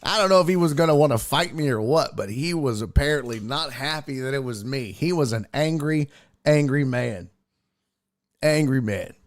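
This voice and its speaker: Hosting a laid-back sports and entertainment livestream, a man spins joking anecdotes and reads the viewer chat aloud. His voice is mid-range and his pace is normal, captured dry with clean studio sound.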